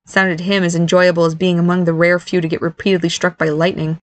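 A woman reads a story aloud in audiobook style, expressive and lively with the characters. Her voice is mid-pitched, and the recording is dry and close with no room sound. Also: brisk, hardly any pauses, no room sound. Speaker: narrator. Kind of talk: audiobook narration.

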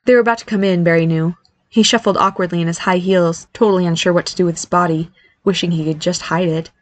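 A woman reading a story aloud as narrator in a steady, even manner. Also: lowish voice, fast, no echo. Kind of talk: scripted narration.

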